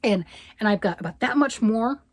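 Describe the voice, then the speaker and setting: In a casual, rambling vlog about yarn and knitting, a grandmother often asks "right?". Her voice is a little high and expressive, moving at normal speed. The recording is dry.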